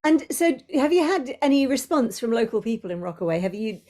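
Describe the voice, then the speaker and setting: A woman interviewer asks questions at a brisk pace, with an eager manner. Her voice is mellow and slightly higher than average. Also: sing-song.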